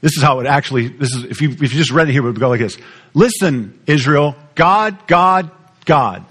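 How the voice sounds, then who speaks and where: Animated preacher, man. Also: mid-range voice, rapid-fire, breathy edge. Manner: animated teaching, repeats words, asks the audience questions. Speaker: pastor. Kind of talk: sermon.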